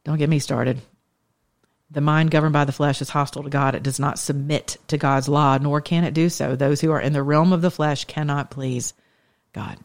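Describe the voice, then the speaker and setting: A woman's voice: low-pitched, steady tone, normal speed, darkish tone. Impassioned woman preaching casually. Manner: impassioned, conversational, shifting pace. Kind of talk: informal sermon.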